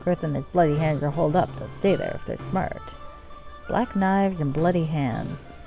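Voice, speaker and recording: A woman streaming a game and chatting casually, jokey and quick to laugh. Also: deep voice, vocal fry, rough recording. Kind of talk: casual gameplay commentary. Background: faint game music.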